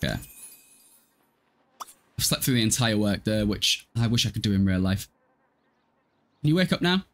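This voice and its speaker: A man's voice: lowish voice, very animated, moderate pace, long pauses. A man in his twenties casually commentating a life-sim game live, chatty, swearing freely and answering chat. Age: 20s. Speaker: game streamer.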